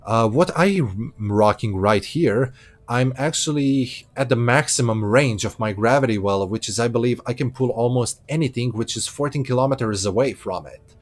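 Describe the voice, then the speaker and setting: A man's voice: mid-range voice, moderate pace. A man giving casual, chatty commentary while streaming a space game from a hot room at home, laughing easily and correcting himself. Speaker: gameplay streamer.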